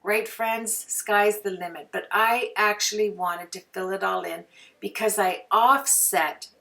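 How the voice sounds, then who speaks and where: A woman's voice: mid-range voice, unhurried, gravelly, pushed and bright, far from the mic, faint music behind. A woman hosting a casual craft tutorial, chatting to viewers and talking to herself as she works. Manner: chatty, talks to herself while working. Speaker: crafting video host.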